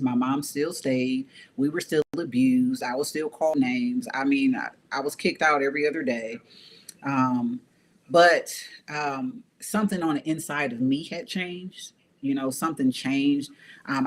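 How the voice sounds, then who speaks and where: A woman guest telling a personal story in a casual, earnest way, often repeating phrases for emphasis. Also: low voice. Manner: conversational, with frequent fillers.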